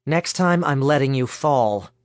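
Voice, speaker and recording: A sharp-tongued young woman speaks bluntly and matter-of-factly in a storybook reading, put on by a male narrator. Her lines come slowly and evenly. The sound is dry and close. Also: mid-range voice, animated, no echo, close to an everyday voice.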